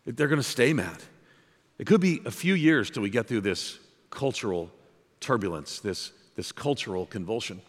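A man from outside New York City preaching a sermon as pastor, emphatic and repetitive, with joking asides. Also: medium pitch. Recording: long reverb of a large hall.

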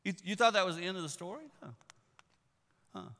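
A man preaching a sermon, telling the story in an animated way that swings from hushed to loud. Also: sits high, a little fast. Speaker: pastor. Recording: echoey hall.

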